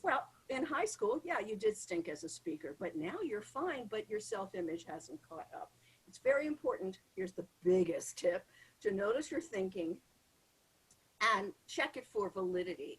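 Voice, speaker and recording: A woman's voice: medium pitch, normal speed, slightly rough, low-quality recording. A woman coaching on public speaking as a podcast guest, talking emphatically and acting out the voices in people's heads. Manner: lively, emphatic, acts out inner voices. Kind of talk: podcast interview conversation.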